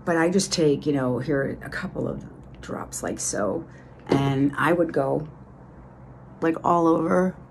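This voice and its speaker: A woman's voice: low-pitched, a little slow, gravelly, a little hiss or hum. A middle-aged woman with a Boston accent, chatting enthusiastically through a casual makeup tutorial with lots of fillers. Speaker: beauty vlogger.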